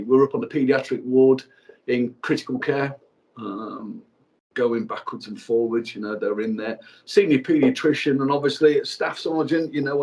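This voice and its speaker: Frank, halting man telling a family story. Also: medium pitch. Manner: frank and halting, many fillers and restarts. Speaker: guest speaker. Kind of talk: personal story told to an audience.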